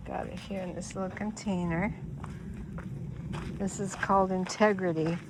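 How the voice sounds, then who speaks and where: A woman talks slowly and softly with a slightly low voice, narrating her farm chores in a relaxed vlog. She coos gentle praise at her horses between explanations. Wind noise is clearly heard over the outdoor recording. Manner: soft, cooing talk to the horses. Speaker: farm vlogger.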